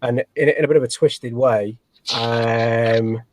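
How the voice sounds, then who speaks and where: A man's voice: mid-range voice, fairly even intonation, slow, slight background noise. A man, a snake breeder guest, talking in a rambling, self-deprecating way with many fillers and restarts. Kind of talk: casual interview chat.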